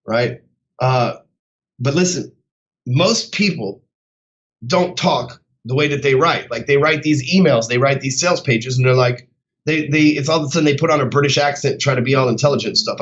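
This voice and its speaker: A blunt male sales coach talking casually and cursing freely as he motivates. His voice sits at a middle pitch. The recording sounds slightly dull. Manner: blunt and heavily profane.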